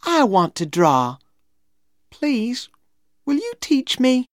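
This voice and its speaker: A woman's voice: high voice, huge pitch swings, takes it slowly, dry recording, studio quality, voice pushed up, heavily acted. A woman voicing a shy, prim young schoolgirl with a sweet, sing-song delivery for a read-aloud storybook.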